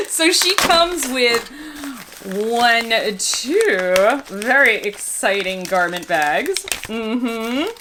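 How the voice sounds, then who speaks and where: A woman in her fifties, a doll collector, telling stories and reviewing a doll in a chatty, animated way, full of "like" fillers. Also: on the high side, noisy background. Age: 50s. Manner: enthusiastic about the doll. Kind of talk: casual vlog chat and storytelling.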